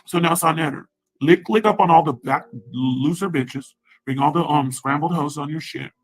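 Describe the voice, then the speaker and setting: Husky woman going off on a rambling rant, cursing and taunting over and over. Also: low-pitched, normal speed, low-quality recording. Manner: profane, rambling, repetitive taunting. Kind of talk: angry rant.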